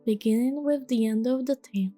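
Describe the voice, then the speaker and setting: Soft-spoken woman reading a bedtime story. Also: on the high side, moderate pace, dry recording, faint music behind. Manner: gentle, soft, soothing. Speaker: storybook reader.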